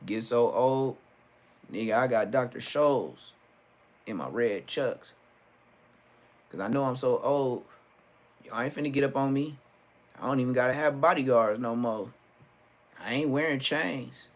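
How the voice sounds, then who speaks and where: A middle-aged man, telling joking stories on a livestream and acting out quotes. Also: mid-range voice. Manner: joking, storytelling with acted-out quotes. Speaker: livestream host. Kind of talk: casual livestream rant.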